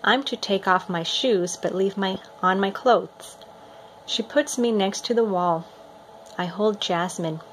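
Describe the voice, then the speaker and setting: A woman reading a picture book aloud in a steady, expressive storytelling manner. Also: mid-range voice, unhurried, a little hiss or hum. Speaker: reader.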